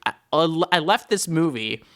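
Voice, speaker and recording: In clean studio sound with no echo, a young podcast co-host chats casually about movies, opinionated and quick to laugh, a self-described film snob. He speaks a little slowly, with a slightly high, slightly bright voice and lively intonation.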